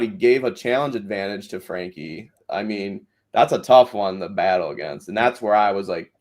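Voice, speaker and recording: A man's voice: fairly low pitch, normal speed, few pauses, a little mellow. A man hosting a podcast, recapping a reality show in rambling casual chat full of fillers. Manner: rambling, many fillers and restarts. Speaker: podcast host.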